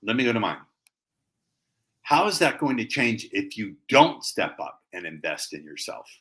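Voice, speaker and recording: Man, low voice, bright and forceful tone, sales trainer, emphatic, playful. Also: big pitch swings, normal speed, low-quality recording. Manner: emphatic, playful, stresses key words. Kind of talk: teaching sales techniques.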